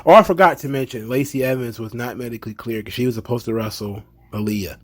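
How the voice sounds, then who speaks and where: Man, casual wrestling recap, opinionated, chatty, mid-pitched voice. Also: fast. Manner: chatty, opinionated, slips into animated impressions of fans. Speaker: wrestling show reviewer.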